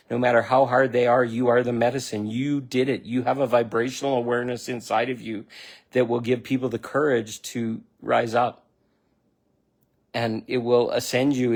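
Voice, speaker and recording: Middle-aged male self-help speaker, earnest, affirming, mid-pitched voice, emotional motivational monologue. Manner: earnest, repetitive, near tears at times; affirming, speaks directly to the listener.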